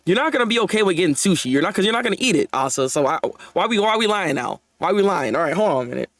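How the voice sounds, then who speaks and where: A young man hosting a live manga chapter reaction, animated and laughing often as he talks to his viewers. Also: high-pitched, very fast, dry recording.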